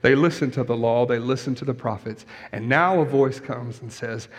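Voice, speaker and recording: A man preaching a sermon in a conversational style, animated, tossing in asides to the congregation. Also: medium pitch, normal speed, hardly any pauses. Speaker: pastor. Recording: long church reverb.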